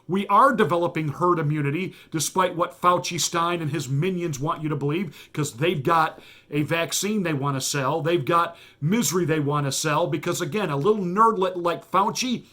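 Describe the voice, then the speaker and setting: A man's voice: fairly high pitch, sharp tone. A man, a pastor who hosts his own show, delivering a combative and mocking political commentary monologue with heavy emphasis.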